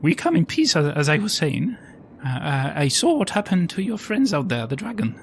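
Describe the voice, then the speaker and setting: A man's voice: a little high, big pitch swings, moderate pace, slight background noise. A man voicing an earnest adventurer and party leader who speaks persuasively.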